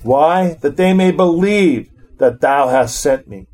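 A man's voice: fairly high pitch, expressive, slow pace, darkish tone. A middle-aged man leading an informal Bible study, reading verses aloud and then commenting on them in a conversational way.

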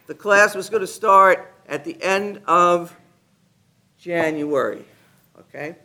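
Man with a high, bright voice; lively testimony speaker who plays out dialogue and laughs often. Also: slow pace. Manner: animated storyteller, acts out other people's lines; laughs often while talking. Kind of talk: personal testimony told to a live group. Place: meeting room with a gathered group.

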